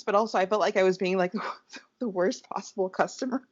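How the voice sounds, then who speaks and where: A woman's voice: mid-range voice, moderate pace, long pauses. A woman co-hosting a podcast, telling a story casually and acting out the people she quotes. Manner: animated, acts out quoted voices. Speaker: podcast co-host. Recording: dull dry podcast recording.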